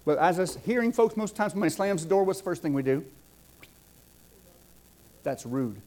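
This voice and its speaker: Middle-aged man preacher, somewhat high-pitched, dynamic sermon delivery with rising builds. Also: expressive, normal speed. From Southwest Georgia, US. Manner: dynamic preaching, rising emphatic builds and soft dropped asides.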